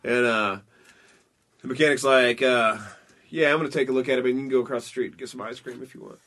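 A man at an ordinary, middle pitch, relaxed and loose as he trades jokes with friends. He swears freely and laughs between lines, with the easy rhythm of unscripted podcast chat. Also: fast talker. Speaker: podcast co-host. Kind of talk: casual joke-telling chat.

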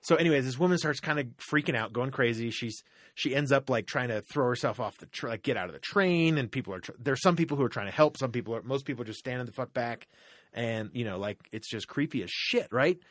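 A man's voice: mid-range voice, fast, dry recording, studio quality. A man telling a long story in a casual, profane, rambling way, full of fillers. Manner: profane, rambling, animated retelling with many fillers.

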